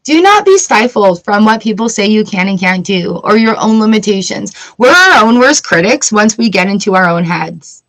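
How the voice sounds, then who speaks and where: A woman's voice: mid-range voice, big pitch swings, moderate pace, hardly any pauses, fairly bright tone, poor audio. Chatty, giggly woman reading tarot live. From Canada. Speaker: tarot reader livestream host.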